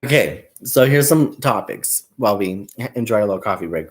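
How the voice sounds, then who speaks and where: A man's voice: on the low side, animated, brisk. A man hosting a crafting livestream, chatting casually and self-mockingly and laughing often. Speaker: crafting channel host.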